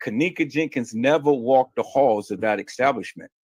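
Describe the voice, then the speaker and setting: A man with a medium-pitched, slightly mellow voice hosts a heated livestream at normal speed, with no echo. Answering viewer questions, he's emphatic and insistent, often stammering and repeating words.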